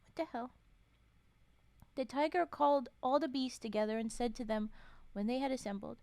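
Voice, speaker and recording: Woman streamer, storytime reader, a touch high, chatty asides between read lines, dry close sound. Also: darkish tone, dry recording. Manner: chatty, swears and laughs, interrupts the reading with comments. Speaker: streamer reading folktales. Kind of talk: casual storytime stream with reading aloud.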